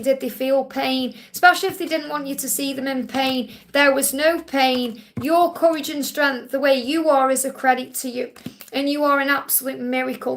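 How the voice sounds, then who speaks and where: A woman with a high voice and a gravelly edge hosts a live stream as a psychic medium. She talks in an earnest, emotional way and often pads her sentences with "you know.". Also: fairly bright tone. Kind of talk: live-stream reading and chat.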